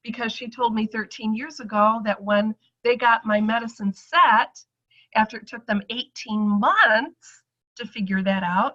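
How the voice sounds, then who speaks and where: Bright-voiced woman telling her story. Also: a little high, highs cut off. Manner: chatty storytelling, acting out quoted voices. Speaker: speaker giving a testimonial. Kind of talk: personal testimonial to an audience.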